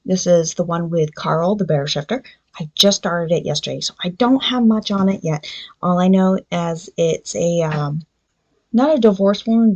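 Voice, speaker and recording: A woman's voice: lowish voice, dull audio. A woman hosting a book review podcast, chatting loosely with many ums and briefly acting out characters' lines. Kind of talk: casual solo book review.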